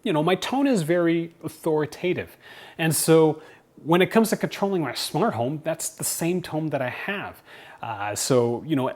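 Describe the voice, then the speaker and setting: A man's voice: a little high, normal speed. A man speaking English as his first language, chatting casually and animatedly as he reviews smart home platforms. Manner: chatty, animated, self-deprecating humor. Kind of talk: casual tech review to camera.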